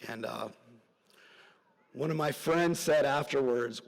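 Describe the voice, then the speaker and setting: A middle-aged man giving a parent's graduation speech as a story, earnest and rambling, his voice dropping soft at emotional moments. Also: mid-range voice, slow, vocal fry. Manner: earnest, rambling with side stories, voice drops soft at emotional points. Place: large hall at a graduation ceremony. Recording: long hall reverb from a large venue.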